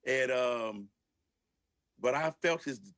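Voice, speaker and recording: An older man, a record producer, telling stories from his early studio days in a relaxed interview, laughing and acting out what people said. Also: mid-range voice, slow pace. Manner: laid-back storyteller who laughs and acts out quotes. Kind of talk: storytelling interview.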